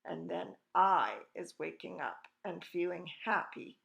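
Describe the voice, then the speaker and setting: A woman reading a children's book aloud, with slow, expressive storytelling. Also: fairly low pitch, vocal fry, dull audio. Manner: slow, expressive storytelling with lively quoted voices. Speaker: reader.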